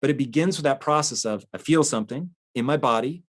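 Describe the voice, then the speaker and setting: A man hosting a podcast, talking earnestly about emotions and telling a personal story in an animated way. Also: mid-range voice, fast. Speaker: podcast host. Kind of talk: casual motivational talk.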